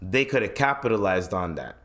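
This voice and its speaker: A man's voice: low voice, animated, fairly quick, a bit bright. A man hosting his own podcast, ranting bluntly with heavy swearing and slang, often restarting his sentences. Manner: profane, blunt, heated opinion talk; rambling with frequent restarts and slang. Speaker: podcast host. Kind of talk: solo podcast rant.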